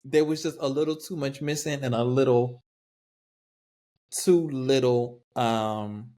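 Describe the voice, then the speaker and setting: A man co-hosts a casual podcast, playful and teasing. His voice sits at an ordinary middle pitch, and his reactions are animated and quick. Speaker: podcast co-host.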